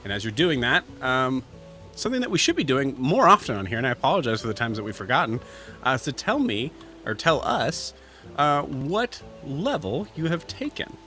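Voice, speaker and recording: A man running a tabletop game as game master, narrating slowly with many fillers and restarts. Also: medium pitch, sing-song, bright, forceful tone, faint music behind.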